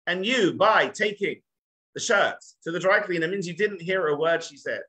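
A man's voice: sits high, normal speed, sharp tone, low-quality recording. An English man in his forties, a rabbi giving a humorous storytelling lesson in a chatty, self-mocking way. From England.

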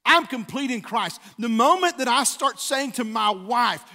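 A man's voice: extremely high pitch, lively intonation, a little slow, hardly any pauses, pushed and bright. A man, preaching a conversational sermon as a pastor and acting out quotes with growing fervor. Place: church sanctuary. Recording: long church hall reverb.

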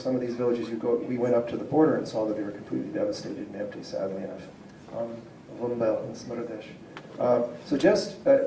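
A man giving an academic lecture with slides, pausing often with fillers and restarts. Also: medium pitch, warm tone, slight background noise. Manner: hesitant, many fillers and restarts. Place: civic centre lecture hall. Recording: roomy distant hall recording.

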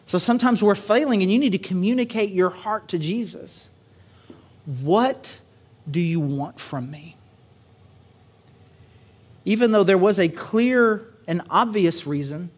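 A man pastor giving a conversational sermon at a church service, telling stories with lots of casual fillers and "right?" tags. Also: high-pitched.

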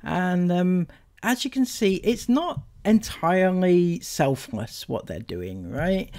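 A man's voice: high voice, animated, takes it slowly, a little mellow. A man hosting a commentary channel, talking in a casual, critical way with frequent ums.

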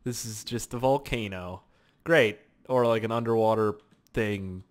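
A man's voice: lowish voice, unhurried. A young man commentating a survival game, rambling, joking and talking to himself. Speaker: gaming channel host. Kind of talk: let's play game commentary.

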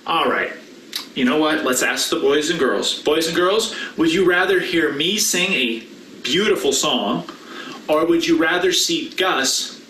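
A man leads a children's message as pastor, with playful, animated banter and a high, bright, swooping voice. He sounds off-mic and distant in a roomy church. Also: slight background noise. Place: church sanctuary.

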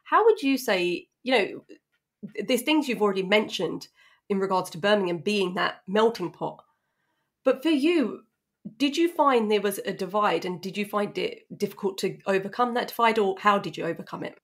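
A woman's voice: mid-range voice, expressive, moderate pace. A woman hosting a casual podcast interview and asking probing follow-up questions. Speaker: podcast host.

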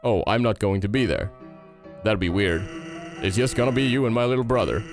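A man reading a relaxed, teasing skeleton's lines from a game. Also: on the low side, brisk, music in the background, pitched below the performer's own voice, lightly acted. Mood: laid-back. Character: laid-back joking skeleton man.

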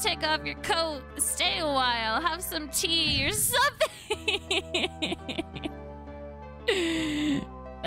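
A young woman live-streaming a game, talking in a high voice that swings widely up and down while she takes her time. She jokes with her viewers, swears freely and hums along, with game music clearly playing behind her. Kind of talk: casual live-stream chat while gaming.

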